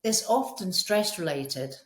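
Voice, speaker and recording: A woman's voice: lowish voice, animated, a little slow. Woman, earnest, in a roomy space. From Scotland. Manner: earnest, explanatory. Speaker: herbalist guest. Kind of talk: conversational interview. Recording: roomy echo.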